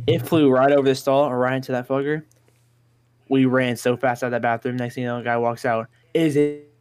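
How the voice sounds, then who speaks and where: A man telling school prank stories in a casual chat, swearing constantly and getting excited as he goes. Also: mid-range voice, a little hiss or hum. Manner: profane, rowdy, excitable anecdotes.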